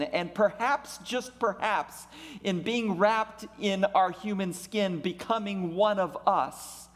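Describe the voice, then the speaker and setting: A male pastor preaching a sermon in a church sanctuary, with a deliberate, repetitive preaching cadence. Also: high-pitched. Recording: long reverb of a church sanctuary.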